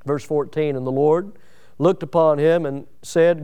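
A man preaching a sermon, animated and humorous, acting out scripture scenes. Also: a little high, moderate pace, clear, resonant tone. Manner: animated, acts out biblical voices with humor.

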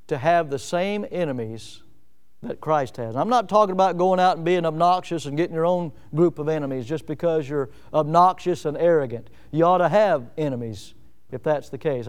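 A pastor from Northwest Florida preaches a sermon in a high, ringing voice that is smooth and resonant with a darkish tone. He presses listeners with repeated rhetorical questions, leaning hard on key words as he builds.

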